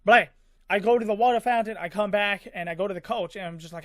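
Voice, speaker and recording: A man with a high voice tells a story in a loose, rambling way, full of fillers and small sound effects. He is recorded close and dry, with no room sound. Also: fast, a bit bright, dry recording. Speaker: vlogger. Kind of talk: casual storytelling.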